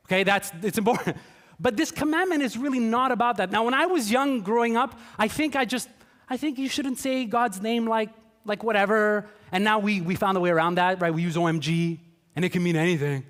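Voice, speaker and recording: A man's voice: sits high, brisk, fairly bright tone. A man preaching a sermon in a chatty, joking way, acting out quotes in playful voices. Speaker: pastor. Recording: long hall reverb.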